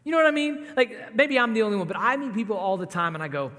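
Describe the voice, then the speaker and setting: A man preaching a sermon as pastor, telling the story in a conversational, animated way with asides to the congregation. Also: high-pitched, brisk. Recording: long hall reverb.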